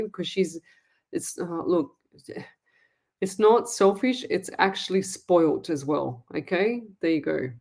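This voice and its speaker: An Australian woman hosting a live-stream, reading out viewer comments and answering them in a blunt, emphatic way. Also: medium pitch. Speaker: psychic medium host.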